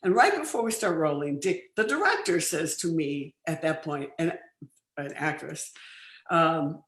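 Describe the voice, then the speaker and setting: An older woman, a film producer, chatting as an interview guest, telling lively stories with many restarts. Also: low voice, measured pace. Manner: lively anecdotal storytelling, frequent laughs and restarts. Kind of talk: casual interview chat. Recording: roomy studio sound.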